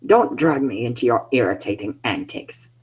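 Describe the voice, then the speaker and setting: A man's voice: mid-range voice, animated, moderate pace, husky, low-quality recording. A man reading as a grumpy, scornful scientist. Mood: annoyed. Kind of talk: reading fan fiction aloud.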